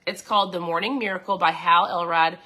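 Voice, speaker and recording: A woman's voice: fairly low pitch, steady tone, fairly quick, bright, forceful tone. A woman hosting a podcast, chatting in a casual, upbeat way to her listeners, reading passages from a book and commenting on them. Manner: addresses listeners directly with frequent check-ins. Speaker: podcast host. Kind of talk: casual motivational talk.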